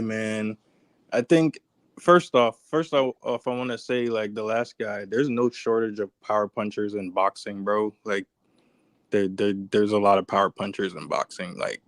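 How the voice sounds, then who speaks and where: A man calling in to a live stream with a mid-pitched voice, recorded dry and close. He talks casually, trips over his words and circles back to the same point. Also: dry recording. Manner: rambling, repeats words, restarts. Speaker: caller. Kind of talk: casual call-in talk.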